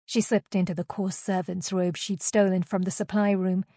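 A woman narrating a novel as an audiobook in a steady, even reading voice. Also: medium pitch, moderate pace, no echo, clean studio sound.

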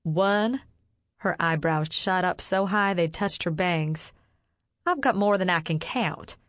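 A woman voicing a stern, sharp-tongued mother who scolds her grown daughter. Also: on the low side, slow pace, no echo, studio quality. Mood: scolding.

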